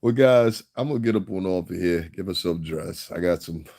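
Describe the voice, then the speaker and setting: A man's voice: low-pitched, a little fast, vocal fry, darkish tone. A man from the Northeastern US vlogging in a casual monologue, rambling and profane and chuckling often.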